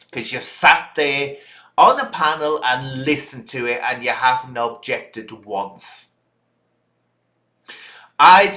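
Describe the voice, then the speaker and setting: Male vlogger, forceful bright voice, indignant scolding rant, roomy echo. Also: medium pitch. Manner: indignant, scolding direct address. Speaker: channel host. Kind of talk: ranting reaction video.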